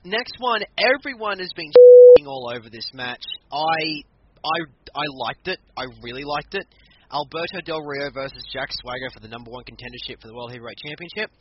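Male podcast co-host, lively storyteller, higher voice, lo-fi noisy recording. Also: brisk. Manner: animated storytelling, acts out quotes. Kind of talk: casual chat recapping matches. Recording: muffled lo-fi audio with background noise.

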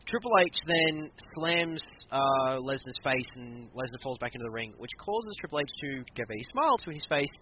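Animated man recapping a match, lo-fi. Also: mid-range voice, moderate pace, few pauses. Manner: animated, laughing, acts out quotes. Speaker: wrestling podcast co-host. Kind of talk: casual chat recapping a match. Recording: muffled lo-fi recording with clear background noise.

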